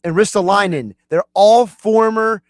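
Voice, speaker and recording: A man co-hosting a sports radio show in a studio, talking fast and with strong opinions. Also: sits high, no room sound. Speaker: radio producer and co-host. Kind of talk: casual sports radio chat.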